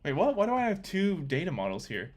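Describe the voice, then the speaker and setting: A young man talking to himself while coding, thinking aloud with excitable, chatty commentary. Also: sits high, a little fast. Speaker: coding vlogger. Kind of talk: casual screen-recorded coding commentary.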